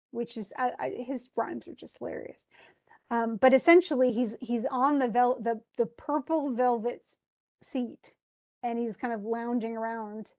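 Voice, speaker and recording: A woman's voice: fairly high pitch, fairly even intonation, measured pace, darkish tone, lo-fi sound. A woman teaching a literature class, explaining a poem in a chatty way with frequent restarts. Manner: chatty, restarts often, paraphrases casually. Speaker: English literature instructor.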